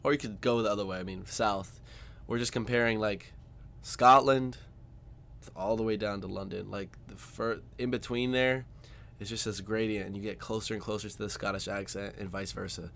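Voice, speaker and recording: A man's voice: on the low side, fairly even intonation, moderate pace, gravelly, fairly bright tone. A man from the United States hosting a reaction video, chatting in a loose, enthusiastic way. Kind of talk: casual reaction commentary.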